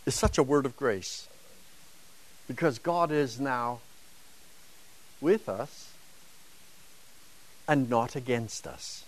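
A man's voice: medium pitch, slow pace, pauses often. A man teaching a Bible lesson to a class, emphatic and dramatic, driving home points with rhetorical questions.

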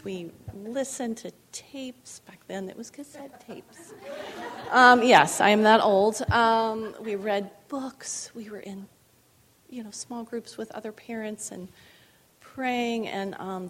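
A middle-aged woman telling her own faith story in a candid, conversational way. She is earnest, often laughs, and at times drops into a hushed voice. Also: mid-range voice.

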